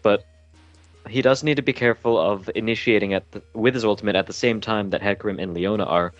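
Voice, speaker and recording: A man's voice: lowish voice, fairly even intonation, quick pace, no echo, lo-fi sound, soft background music. A man casting a live esports match, often tripping over his words and restarting sentences. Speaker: esports caster.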